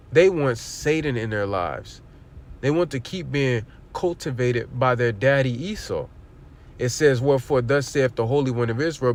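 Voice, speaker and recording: A man preaching on a livestream, reading verses aloud and then explaining them bluntly with rhetorical questions and swearing. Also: medium pitch. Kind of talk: streamed scripture lesson.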